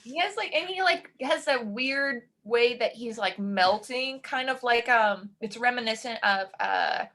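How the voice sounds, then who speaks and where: A woman co-hosting a casual horror-film chat, talking in a chatty, animated way and laughing often. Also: a little high, unhurried, few pauses. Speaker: podcast co-host.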